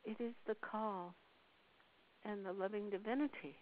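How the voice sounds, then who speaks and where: Woman channeler, slow and soothing, measured pauses, thin phone-line sound with light hiss. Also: medium pitch, steady tone. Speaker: channeler relaying a spirit's words. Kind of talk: slow spiritual channeling on a call. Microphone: phone call.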